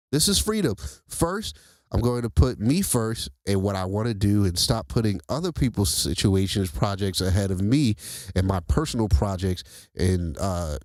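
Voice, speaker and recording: A man hosting a casual motivational talk, who speaks straight to his listeners in a lively, preachy way. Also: mid-range voice, no echo. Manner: animated, preachy, addresses listeners directly as y'all. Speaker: host.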